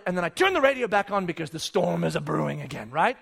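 A man preaching a sermon in a conversational way, acting out the story with sudden loud and hushed moments and often asking "right?". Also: a little high, fast, vocal fry, breathy edge. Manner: animated storytelling, acts out disciples and Jesus with sudden loud and hushed voices; conversational, keeps checking with "right?". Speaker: pastor.

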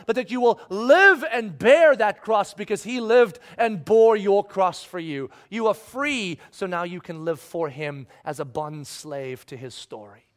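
A man preaching a sermon, acting out Bible voices and swinging from loud pleas to hushed, near-whispered lines. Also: sits high. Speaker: pastor.

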